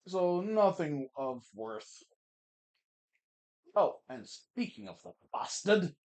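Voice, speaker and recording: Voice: medium pitch, very animated, takes it slowly, a little mellow. A let's-play gamer chatting casually through a playthrough, wry and swearing now and then. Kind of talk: casual game commentary.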